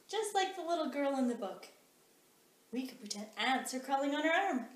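A woman teaching a kindergarten phonics lesson, slow and encouraging in a sing-song teacher manner. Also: high voice, expressive, a little hiss or hum. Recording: echoey room.

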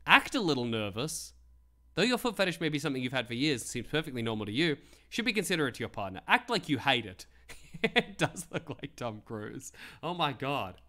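Aussie guy riffing on a live stream, bouncy voice that swoops all over, bright edge, laughs and swears a lot. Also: mid-range voice, a little fast. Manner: animated, laughing, mock-outraged, swearing freely. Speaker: livestream host. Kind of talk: comedic live-stream commentary.

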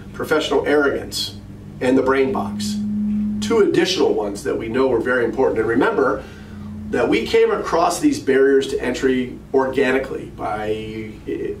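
Middle-aged man coaching, in a roomy space. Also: mid-range voice. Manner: conversational storyteller, addresses listeners directly with questions. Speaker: practice management coach. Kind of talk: coaching talk to financial advisors. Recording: roomy, distant mic, faint ambient noise.

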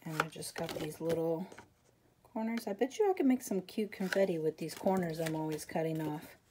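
A woman's voice: low voice, expressive, fairly quick, background noise. A woman hosting a casual papercraft tutorial, chatty and rambling, with self-deprecating asides as she works.

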